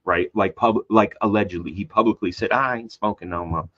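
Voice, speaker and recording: A man, a comic book artist, telling a rambling story in casual conversation, jumping into high voices to act out quotes. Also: a little fast. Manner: animated, acts out quoted voices with big pitch jumps; loose and rambling with many fillers and restarts. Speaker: guest. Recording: slightly dull lo-fi sound.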